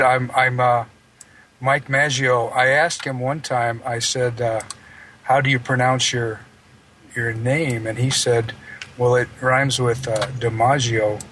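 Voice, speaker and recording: A man hosting a live radio show, introducing a guest in a halting, rambling way. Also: medium pitch, a bit bright, slight background noise, poor audio. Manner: halting, rambling, full of fillers and restarts.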